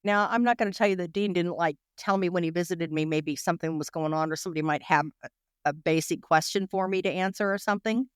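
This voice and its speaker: Fast-talking woman recalling hard times. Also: on the low side, clear, resonant tone, no echo, clean studio sound. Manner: rapid, emotional, full of restarts and "you know". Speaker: interview guest. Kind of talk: candid interview recollection.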